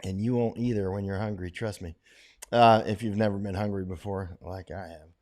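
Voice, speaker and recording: A man's voice: low voice, steady tone, normal speed, darkish tone. A middle-aged man hosting a casual livestream, reading out viewer questions and giving rambling, opinionated answers with frequent restarts.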